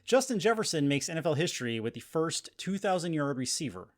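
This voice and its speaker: A man's voice: a little high, big pitch swings, fairly quick. Hesitant man reading sports predictions. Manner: hesitant, restarts often, laughs easily. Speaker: podcast co-host. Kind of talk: casual sports podcast chat.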